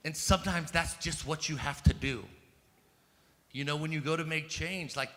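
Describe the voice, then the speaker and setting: In a large conference hall with long reverb and faint ambience, an American man in his thirties recounts a personal story. His voice is on the high side and fairly bright, at a moderate pace, and he swears casually, leaning on "like" and "um" more as he gets emphatic.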